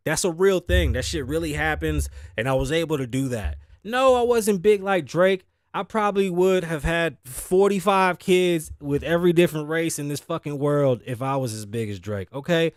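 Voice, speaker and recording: A tired man from the Bronx hosts his own show, rambling through a profane, self-deprecating monologue. His voice sits a little high for a man. The sound is close and dry, with no room around it. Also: moderate pace, no echo. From New York, the Bronx. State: sleepy, tired. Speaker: host. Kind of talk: casual solo talk show monologue. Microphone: studio mic through audio interface.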